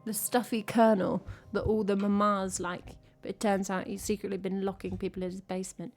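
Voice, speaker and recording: A woman's voice: medium pitch, little pitch movement, a little mellow. A young English woman, a singer-songwriter, chatting casually and joking with her stream chat between songs. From England. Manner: chatty, self-mocking, quick asides to chat. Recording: home stream with piano playing. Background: piano.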